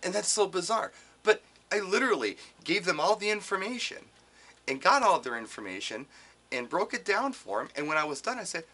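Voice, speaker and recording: A man's voice: high voice, brisk. A middle-aged man from Wisconsin, a DJ giving casual advice to other DJs and acting out callers in changing voices. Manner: animated, acts out quoted callers in shifting voices.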